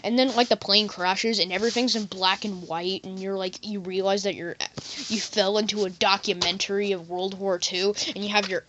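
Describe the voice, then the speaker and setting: A woman's voice: medium pitch, steady tone, normal speed, noisy background. A woman talking in a silly, rambling comedy monologue as a vlogger, often jumping into goofy voices.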